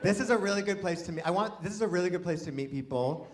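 A man performing a chatty, self-deprecating stand-up set in front of a live audience, often restarting his sentences and breaking into animated exclamations. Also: high-pitched, fast talker, a crowd in the background. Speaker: stand-up comedian. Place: live comedy venue with an audience. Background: audience laughter.

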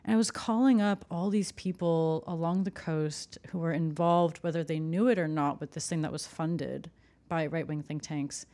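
Casting: woman, lowish voice, chatty and animated, conversational journalist. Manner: animated, quick asides with "like". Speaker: journalist, co-host. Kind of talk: casual conversation.

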